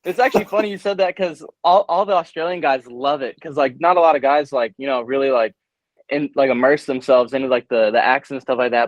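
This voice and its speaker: A young man talking as an interview guest, energetic and slangy, full of hype. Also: medium pitch, no echo. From United States. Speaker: guest, baseball prospect. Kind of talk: casual interview chat. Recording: dull, dry remote call audio.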